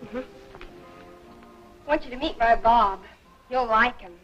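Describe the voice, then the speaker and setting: An actress playing a sweet, eager young newlywed wife in a 1940s film, talking in a gushing, affectionate way. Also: female voice, on the high side, unhurried, faint music behind, close to an everyday voice. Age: young adult. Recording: dull old film soundtrack, faint hiss.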